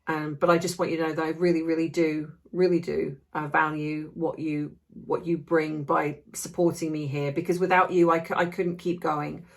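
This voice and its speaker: A woman's voice: low-pitched, little pitch movement, normal speed, hardly any pauses. A woman giving an impassioned, ranting opinion vlog with many restarts, feeling unwell. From Australia. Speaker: commentary vlogger.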